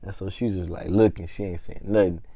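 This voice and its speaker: A man vlogging a casual storytime in slangy, animated speech that swings from hushed to loud. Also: low-pitched, a little fast, gravelly, no room sound.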